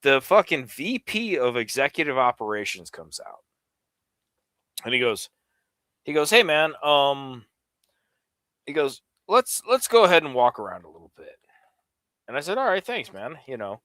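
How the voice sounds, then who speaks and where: A man's voice: medium pitch, moderate pace, pauses often, dry recording. A middle-aged man from the New York area, telling a long, rambling story on a casual livestream and swearing freely. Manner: rambling storyteller, profane, animated.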